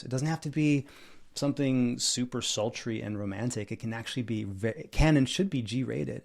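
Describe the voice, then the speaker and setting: A man's voice: mid-range voice, moderate pace, creaky, darkish tone. A man talking as a guest dating coach on a podcast, enthusiastic and emphatic, telling stories. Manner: enthusiastic, storytelling, emphatic repetition. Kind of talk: casual podcast interview.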